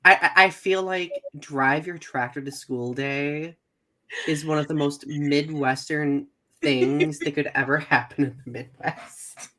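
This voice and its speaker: A man from central Michigan co-hosting a casual podcast, animated and full of "like". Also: on the high side, a little slow. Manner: animated, heavy use of "like". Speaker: podcast co-host. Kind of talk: casual chat.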